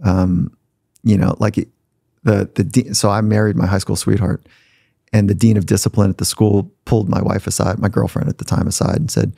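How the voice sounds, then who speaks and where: A man's voice: lowish voice, little pitch movement, a little fast, vocal fry, mellow, no echo, studio quality. A man guest on a podcast, telling personal stories in a reflective, conversational way and sometimes acting out the voices of people he quotes. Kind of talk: conversational storytelling. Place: podcast studio.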